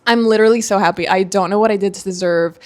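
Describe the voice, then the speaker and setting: A woman hosting a casual video, chatting in a gushing, excitable way. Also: mid-range voice, fast talker. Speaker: booktuber host. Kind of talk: casual vlog chat.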